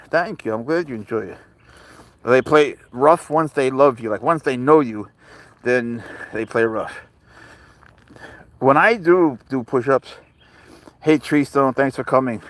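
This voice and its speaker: A man's voice: mid-range voice, dry recording. A man from Spain with a New York accent, hosting a casual livestream chat on a phone, rambling and blunt, swearing freely as he answers viewers. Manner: rambling, blunt and profane, greets viewers by name. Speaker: livestream host with pet serval. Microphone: phone camera.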